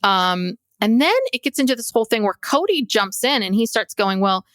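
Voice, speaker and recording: A woman's voice: a little high, animated, brisk, fairly bright tone, no room sound. A woman therapist co-hosting a podcast, recapping a show in a chatty storytelling way with fillers. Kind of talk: casual recap chat.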